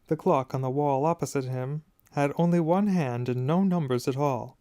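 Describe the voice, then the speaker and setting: A man narrating an audiobook in a measured, expressive storytelling manner, close to the mic. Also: mid-range voice, clean tone, no echo. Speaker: audiobook reader.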